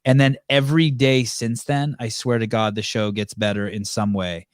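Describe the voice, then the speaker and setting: Profane storytelling podcast host, dry sound. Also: male voice, mid-range voice, steady tone, moderate pace, clear, resonant tone, dry recording. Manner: profane, acts out quoted dialogue. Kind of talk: casual storytelling chat.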